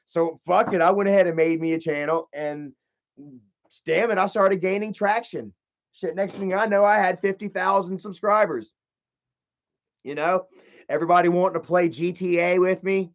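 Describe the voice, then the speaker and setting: A man's voice: sits high, moderate pace, highs cut off. A man telling a story in a casual, profane, rambling rant, often repeating himself. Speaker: channel host.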